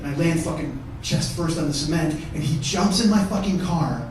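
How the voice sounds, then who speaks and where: A comedian telling a story on a theater stage, profane, swinging from shouting to hushed. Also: male voice, a little high, normal speed, a little hiss or hum. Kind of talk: stand-up storytelling. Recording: echoey theater from far off.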